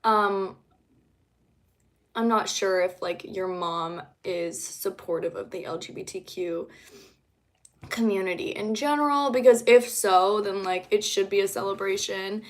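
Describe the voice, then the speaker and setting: A young woman talks to her viewers on a relaxed livestream, rambling along with plenty of fillers. Her voice sits at an ordinary, middle pitch. She comes across as an easygoing singer-songwriter. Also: unhurried. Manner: chatty, rambling, many fillers. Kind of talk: casual livestream chat.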